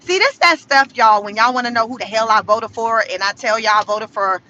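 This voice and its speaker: A high, bright woman's voice, riffing to her viewers in a loose livestream style. She talks in an animated way, laughing between points. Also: a little fast, highs cut off, a little hiss or hum. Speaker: political commentary host. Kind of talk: casual livestream commentary.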